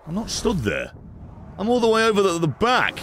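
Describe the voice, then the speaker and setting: A man streaming a video game, reacting loudly and swearing as he plays. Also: high-pitched, slight background noise. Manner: excitable, shouty, swearing. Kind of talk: gameplay commentary.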